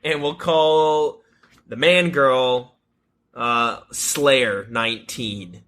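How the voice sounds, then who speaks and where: A man's voice: medium pitch, steady tone, drawn-out words, a bit bright. A young adult man co-hosting a podcast, telling a rambling story in casual chat, swearing freely and laughing at his own tales. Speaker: podcast co-host.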